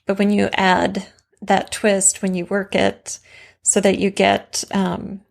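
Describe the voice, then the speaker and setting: A woman's voice: medium pitch, flat delivery, takes it slowly, vocal fry. A woman co-hosting a writing podcast, talking casually and thoughtfully about story craft. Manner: conversational, reflective, warm affirmations.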